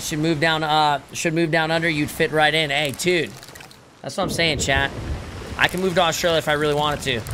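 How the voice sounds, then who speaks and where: A man's voice: on the high side, pushed and bright. Laid-back streamer man over game noise. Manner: laid-back, swearing, joking banter. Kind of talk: casual live-stream chat.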